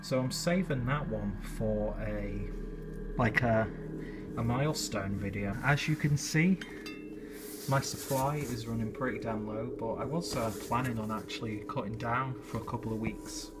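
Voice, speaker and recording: A man's voice: medium pitch, normal speed, very noisy. Rambling, swearing young man. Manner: swears freely, rambling and self-mocking. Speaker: beer vlogger. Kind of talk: casual vlog chat. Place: home, indoors and in a basement.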